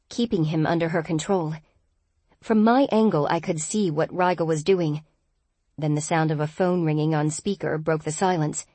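A woman's voice: deep voice, a little mellow, no echo. A woman reading a first-person audiobook, tense and wry in turn. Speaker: audiobook narrator.

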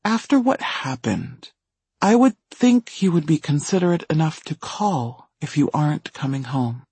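Audiobook husband, tense and controlling, dry hoarse calm voice, read by a man. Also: fairly high pitch, a little slow, no room sound, heavily acted. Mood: cold calm.

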